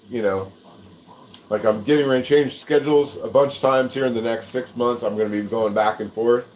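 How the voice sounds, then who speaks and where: American man, casual cooking-stream host, mid pitch, chatty and self-mocking, faint sizzle in the background. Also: slight background noise, poor audio. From United States. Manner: rambling, self-deprecating, chuckles often. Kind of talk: casual livestream chat while cooking.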